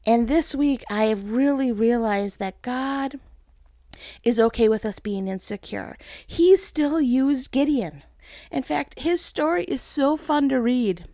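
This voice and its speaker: A woman in her thirties preaches a heartfelt, personal sermon and talks straight to her listeners. Her voice sits a little high, with a gravelly fry running through it. The sound is dry and close, with almost no room echo. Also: expressive, slow pace, warm tone. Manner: earnest, emotional, speaks to listeners as "guys". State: tearful. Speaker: pastor's wife giving a message.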